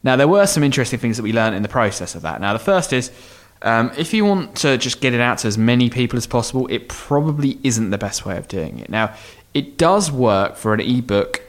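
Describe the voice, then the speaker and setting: A very animated man with a mid-range voice speaks a little fast as a podcast co-host. Explaining answers to listeners' questions, he meanders and thinks out loud, frequently restarting and saying um.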